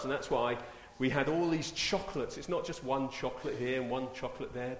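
Preacher in an echoey church. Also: male voice, medium pitch, brisk, hardly any pauses. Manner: storytelling, rising to emphatic exclamations. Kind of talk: sermon with a children's story. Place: church hall. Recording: echoey church with long reverb.

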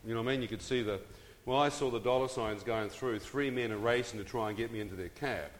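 A man's voice: medium pitch, fast, slight background noise. A middle-aged man dramatically telling his own story to an audience, often turning to them with questions and asides. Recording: long reverb of a large hall.

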